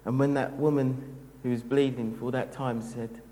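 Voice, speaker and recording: A man preaching a sermon in a gentle, reflective, unhurried way. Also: mid-range voice, flat delivery, in a large hall, rough recording.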